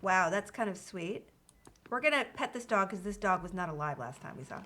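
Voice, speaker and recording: A woman's voice: mid-range voice, lively intonation, fairly quick, pushed and bright, a little hiss or hum. A woman streaming a video game, chatting casually with viewers and reading game dialogue aloud. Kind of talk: casual live-stream chat.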